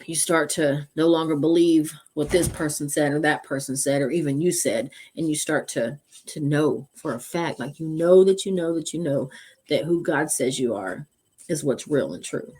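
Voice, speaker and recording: A woman's voice: sits low, moderate pace, darkish tone, slightly rough. A woman co-hosting a faith podcast, talking earnestly and stacking repeated phrases for emphasis. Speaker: podcast co-host. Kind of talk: faith-based podcast talk.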